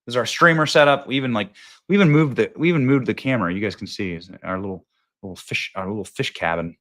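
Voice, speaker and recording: A man hosting a casual live stream, talking excitably and rambling with lots of restarts. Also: on the low side, fast. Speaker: host. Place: small cabin booth at an event.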